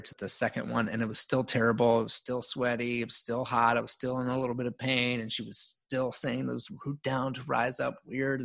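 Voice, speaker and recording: A middle-aged man tells a story from his own life as a podcast guest. He is animated and pokes fun at himself, and he breaks into laughter often. He speaks at a medium pitch. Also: gravelly. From United States.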